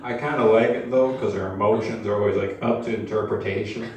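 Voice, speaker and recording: A young man performing amateur stand-up in a comedy club, deadpan and hesitant, full of uhs and likes. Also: on the low side, a little fast, a crowd in the background. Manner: hesitant, deadpan, filler-heavy. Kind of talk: stand-up routine. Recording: echoey live club, mic at distance, room noise.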